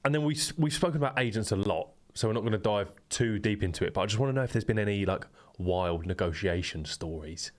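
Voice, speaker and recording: A man's voice: on the low side, quick pace, few pauses. A man hosting a casual podcast interview, asking short curious follow-up questions. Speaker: podcast presenter.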